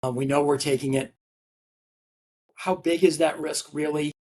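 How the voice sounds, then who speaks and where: Exec guy on a podcast, bit raspy, earnest, lots of um and uh. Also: fairly high pitch, steady tone, moderate pace, darkish tone. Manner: earnest, many fillers and restarts. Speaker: CEO of a family office, podcast guest. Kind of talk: conversational interview.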